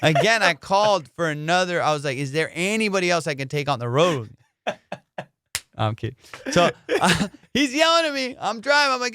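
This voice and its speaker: Male comic host, excitable profane storyteller, smooth higher voice, dry close sound. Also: moderate pace, no room sound. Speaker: comedian podcast host. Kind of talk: animated storytelling.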